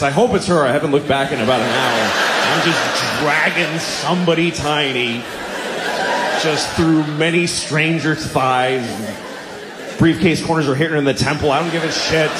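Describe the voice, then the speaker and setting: A middle-aged man performing stand-up comedy, telling stories in a blunt, exasperated, deadpan way on a club stage. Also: fairly high pitch, very noisy. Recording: roomy club, crowd laughter.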